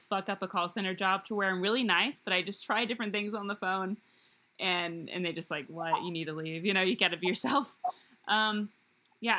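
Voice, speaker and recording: A young woman hosts a loose, chatty podcast in a bright voice. She rambles, stacks up fillers and giggles easily as she goes. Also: mid-range voice. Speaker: podcast host. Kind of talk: casual podcast chat.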